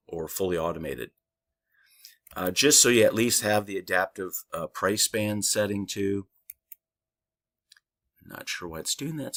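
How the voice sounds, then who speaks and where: A man recovering from a lost voice and sore throat, talking loosely through a software tutorial with many fillers. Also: sits low. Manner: loose, rambling, thinks aloud with fillers. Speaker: trading software instructor. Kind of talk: casual screen-share tutorial.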